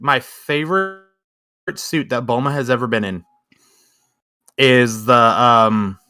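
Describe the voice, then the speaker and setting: A man co-hosting a podcast in casual chat, animated and joking, often slipping into quick impressions. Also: mid-range voice. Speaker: podcast co-host.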